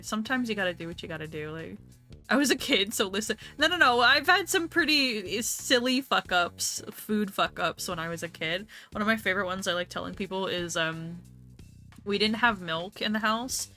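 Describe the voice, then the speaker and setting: A woman's voice: medium pitch, sharp tone. A young woman streaming a game, chatting casually with her audience, swearing freely and laughing often. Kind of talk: casual let's-play chat.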